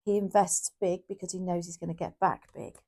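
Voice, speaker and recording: A woman with a lowish, gravelly voice chats her way through a tarot reading. She is casual and a little rambling, thinking aloud and correcting herself as she goes. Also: flat delivery, fairly quick, dark tone. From United Kingdom. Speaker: tarot reader.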